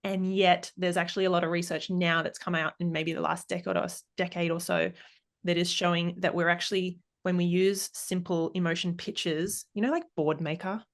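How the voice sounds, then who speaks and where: A woman's voice: lowish voice, fairly even intonation, fairly quick. Thoughtful woman explaining on a podcast. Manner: thoughtful, many restarts and fillers while explaining. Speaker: podcast guest, emotional intelligence expert. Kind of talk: casual interview chat.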